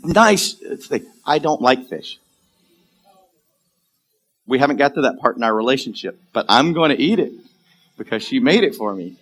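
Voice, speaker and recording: Bright-voiced man telling a sermon story. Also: mid-range voice, moderate pace, long pauses. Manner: animated storyteller, acts out characters, laughs often. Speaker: pastor. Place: church sanctuary.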